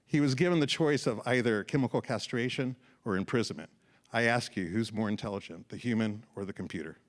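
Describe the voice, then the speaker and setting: Speaking briskly in a fairly low voice, this man gives a short tech talk at a conference, explaining his slides cheerfully to a live audience in an event room.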